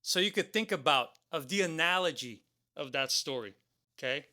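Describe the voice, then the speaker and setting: Bright high-voiced man telling a parable. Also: animated, moderate pace. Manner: keeps adding "right?" and "okay?". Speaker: co-host. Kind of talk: motivational storytelling.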